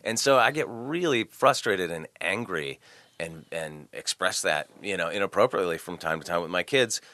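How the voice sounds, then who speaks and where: A man's voice: low-pitched, lively intonation, normal speed, pushed and bright, no echo. A middle-aged man talking as a guest, earnest and often restarting his phrases. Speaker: guest musician. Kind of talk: casual interview talk.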